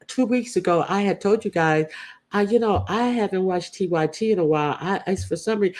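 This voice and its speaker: A man hosting casual opinion commentary, blunt and profane, halting often with "uh" fillers as he talks. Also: fairly high pitch. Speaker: YouTube commentator host.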